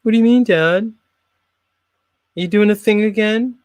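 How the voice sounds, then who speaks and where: A man voicing a whiny young son with a high, questioning voice. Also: moderate pace, smooth, no echo, natural voice.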